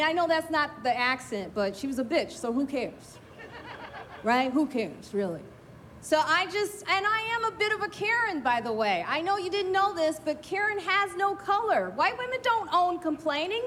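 A woman's voice: very high voice, a bit bright, slight background noise. A middle-aged woman doing a brash, confiding, self-mocking stand-up set at an outdoor drive-in show. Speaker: stand-up comedian. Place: outdoor drive-in stage, parking lot.

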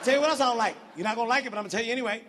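High-voiced guy doing stand-up, brash and profane, echoey hall, loud room noise behind. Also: very fast. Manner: brash, profane, animated storytelling with shouted outbursts. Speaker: stand-up comedian. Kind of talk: stand-up routine. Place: large venue with audience.

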